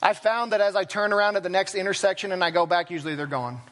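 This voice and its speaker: Speaking quickly in a voice that sits high and sounds a bit bright, this man delivers a sermon as pastor of a church sanctuary. His style is plain and chatty, peppered with jokes at his own expense.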